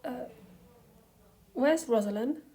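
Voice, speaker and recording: A woman voicing an anxious, excitable young man who bursts out in loud alarm, in a storybook reading. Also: high voice, slow pace.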